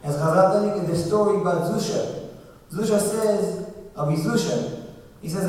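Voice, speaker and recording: High-voiced rabbi in an echoey hall. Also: male voice, normal speed, a little mellow. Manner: earnest, storytelling with emphatic rises. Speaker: rabbi giving a eulogy. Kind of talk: eulogy sermon. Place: synagogue hall. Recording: distant echoey hall recording.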